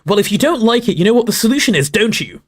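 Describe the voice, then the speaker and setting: Shrill yelling teen girl witch, a man doing her. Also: big pitch swings, quick pace. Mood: furious. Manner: yelling indignantly. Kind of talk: book read aloud on a livestream.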